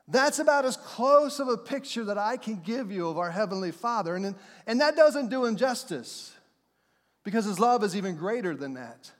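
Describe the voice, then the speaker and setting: Speaking at a moderate pace with lively intonation and a voice that sits high, a middle-aged pastor delivers a conversational sermon. Playful acted voices and laughter run through his points. Long hall reverb fills the church sanctuary.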